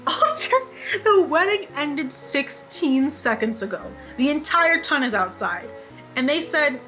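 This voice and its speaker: A woman in her twenties giving a casual, animated TV recap, repeating lines for emphasis and laughing often. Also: fairly high pitch, rough recording. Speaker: beauty vlogger.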